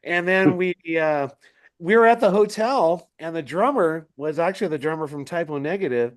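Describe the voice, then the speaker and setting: A man on a video call telling a rowdy road story, animated and laughing often, swearing freely. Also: on the high side, moderate pace. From Denver area. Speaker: musician guest. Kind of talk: casual storytelling chat.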